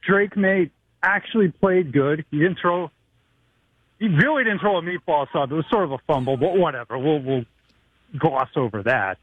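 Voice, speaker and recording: A man from the Boston area calling a sports talk show as an eager, excited fan. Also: fairly high pitch, moderate pace, no room sound. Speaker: caller. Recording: tinny phone line.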